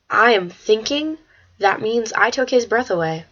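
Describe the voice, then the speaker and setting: Teenage girl, casual vlogger, excitable and rambling; dull webcam mic. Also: on the high side, a little slow. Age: teens. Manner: excitable, rambling, swears when worked up. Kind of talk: casual vlog chat. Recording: slightly dull lo-fi webcam audio.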